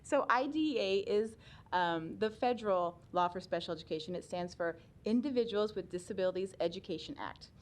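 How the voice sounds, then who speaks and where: A woman's voice: medium pitch, fairly quick. Chatty, laughing woman explaining law. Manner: chatty, laughs often, many ums. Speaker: guest presenter on special education law. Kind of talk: explanatory talk at a public meeting.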